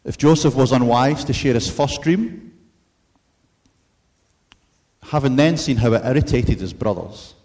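A man preaching a sermon in an earnest, measured way, mixing in storytelling asides. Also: medium pitch, animated, a little mellow.

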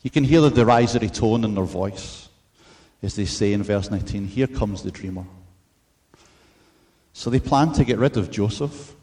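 A man's voice: on the low side, warm tone. Earnest man preaching. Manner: earnest, measured preaching with storytelling asides. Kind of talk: sermon.

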